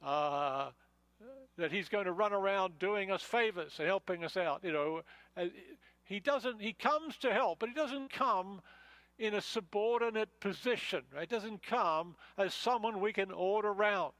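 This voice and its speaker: A man's voice: high voice, a little slow, a bit bright, dry recording, poor audio. A man preaching a conversational expository sermon, with many fillers and restarts as he explains a passage verse by verse. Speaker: pastor.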